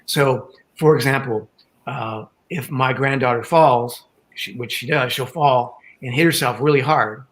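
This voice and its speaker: An older man calmly explaining ideas as a guest on an online panel talk. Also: mid-range voice, measured pace, poor audio. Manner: calm, explanatory, with acted quotes.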